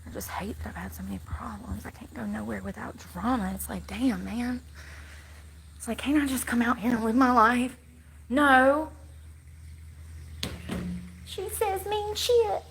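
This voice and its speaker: A woman's voice: fairly high pitch, gravelly, echoey room, noisy background. A woman chatting casually on a livestream, rambling, sighing and laughing at herself. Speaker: vlogger. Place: outdoors in the woods.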